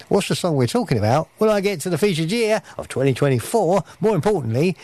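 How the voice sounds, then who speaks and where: A man's voice: fairly high pitch, big pitch swings, fast talker, hardly any pauses, a little mellow. A male radio host presenting a quiz and telling a story in a chatty manner.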